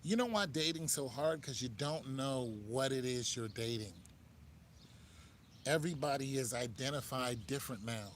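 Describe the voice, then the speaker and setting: A man's voice: medium pitch, normal speed, slight background noise. A man with an American accent giving dating advice in a laid-back, joking monologue, talking straight to the listener. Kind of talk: casual monologue.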